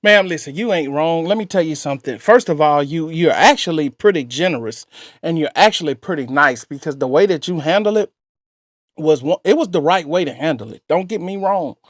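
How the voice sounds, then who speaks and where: A man's voice: on the high side, expressive, fairly quick, no echo. A man hosting a reaction channel, exclaiming and joking as he talks back to the story he hears. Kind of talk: animated reaction commentary.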